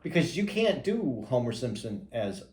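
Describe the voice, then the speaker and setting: A man co-hosting a podcast in casual chat, a few drinks in, halting and repeating words as he searches. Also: mid-range voice, sing-song, darkish tone. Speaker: podcast co-host. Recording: roomy echo.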